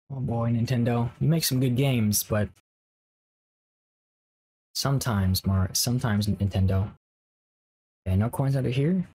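A man's voice: mid-range voice, darkish tone, poor audio. Man, Let's Play host, rambling jokey commentary. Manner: rambling and jokey, talking to viewers. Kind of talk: casual gameplay commentary.

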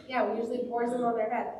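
A woman pastor leading a children's sermon in a church, gently asking the children questions. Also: on the high side. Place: church sanctuary. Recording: very echoey church, mic far off.

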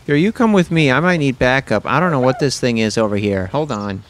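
A man casually commenting on his own video game play, excitable and self-mocking, yelping when surprised. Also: medium pitch, brisk, hardly any pauses, faint music behind. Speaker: gaming YouTuber.

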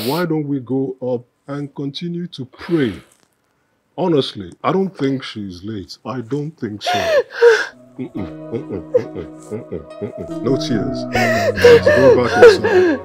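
Consoling husband, animated pitch, soft background music. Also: male voice, breathy edge. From Nigeria. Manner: soothing, pleading, reassuring. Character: comforting husband of a grieving wife. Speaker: actor in a film. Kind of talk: film drama acting.

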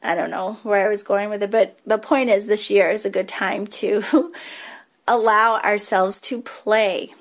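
A woman's voice: medium pitch, steady tone, measured pace. Woman, podcast host, casual spiritual talk, rambling and reflective, mid-range voice. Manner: rambling, reflective, with small laughs and restarts. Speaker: podcast host, reiki teacher.

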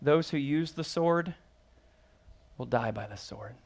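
A man's voice: a little high, slow. A man preaching as pastor, reading scripture aloud and then explaining it with rising emphasis and questions to the congregation. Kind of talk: sermon.

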